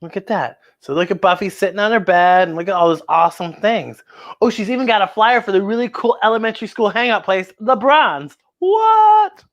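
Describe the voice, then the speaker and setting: A woman reading a picture book aloud to children, animated and exclamatory, asking her young listeners questions. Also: mid-range voice, a little fast, highs cut off. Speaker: children's storyteller.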